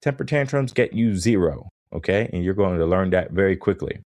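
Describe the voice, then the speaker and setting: A man with a very low voice lectures firmly, hammering each point and checking in with the listener as he goes. The recording is dry, close and free of room sound. He sounds middle-aged and is clearly the show's regular host. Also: expressive, brisk, darkish tone, dry recording. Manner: emphatic, punctuates with "right?", mimics objections. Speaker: podcast host, mindset coach. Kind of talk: monologue coaching talk.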